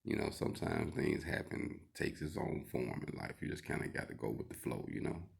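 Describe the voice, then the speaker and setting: A man's voice: extremely low pitch, expressive, a little fast, gravelly. A man who teaches welding, telling a story in a laid-back, rambling way with lots of fillers. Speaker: welding instructor. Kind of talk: casual vlog storytelling.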